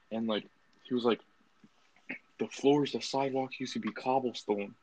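A man's voice: medium pitch, steady tone, normal speed, a little mellow, slightly rough. A young man telling a story in rambling casual chat, full of "like" and "I was like". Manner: rambling, filler-heavy storyteller. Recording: dull lo-fi sound.

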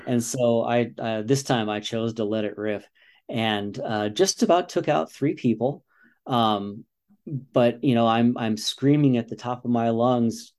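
A man's voice: mid-range voice, a little slow, darkish tone. A man in his forties, an American father and runner, talking earnestly in a casual interview and often saying "you know". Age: 40s.

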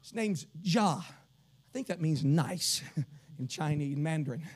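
This revival sermon comes from a Kentucky man with a Southern accent, slow and expressive, with a slightly rough voice. He shifts between shouting in a sing-song style and telling stories in a low tone.

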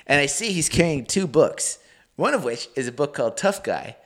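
A young man from Canada co-hosting a podcast, telling a story in a loose, swearing, animated way and acting out the voices of people he quotes. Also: on the high side, moderate pace. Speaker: podcast co-host. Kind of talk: casual storytelling chat.

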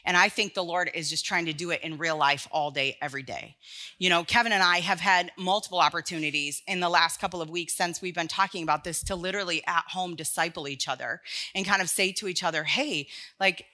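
A woman's voice: fairly low pitch, a little fast, bright, forceful tone. A woman preaching an earnest, conversational sermon to a congregation, often restarting her phrases. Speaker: speaker in a church sermon series.

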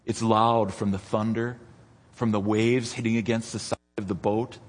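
A man preaching a sermon as pastor, dramatic and rising toward near-shouts when he retells scenes. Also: lowish voice, little pitch movement, normal speed, breathy edge. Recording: long reverb of a church hall.

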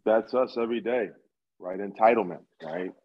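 Husky, measured man teaching. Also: fairly low pitch, highs cut off. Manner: calm, measured, repeats key points. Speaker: co-host of a faith discussion. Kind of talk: conversational Bible teaching.

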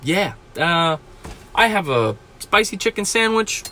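A man's voice: high-pitched, very animated, unhurried, pushed and bright. A man hosting a solo podcast from a small closet, ranting profanely and with exasperation. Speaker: podcast host.

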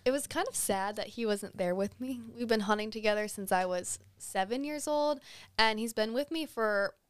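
A young woman, a podcast guest, telling a hunting story in a relaxed, chatty way with plenty of fillers. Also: fairly high pitch, normal speed, clean tone, dry recording. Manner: easygoing, frequent fillers, animated when excited. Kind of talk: casual storytelling.

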